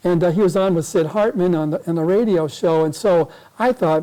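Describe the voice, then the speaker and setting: A man's voice: sits high, brisk, hardly any pauses, dark tone, poor audio. An older man speaking to a club audience, telling a folksy, rambling story and often repeating words as he restarts. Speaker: guest speaker. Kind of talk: anecdotal storytelling talk. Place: club meeting room.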